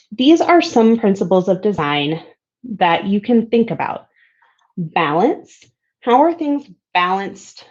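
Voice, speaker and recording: A woman's voice: mid-range voice, a little mellow. A woman walks through design principles in a recorded slide presentation. She sounds upbeat and conversational and leans on each key term. The recording is slightly dull and lo-fi.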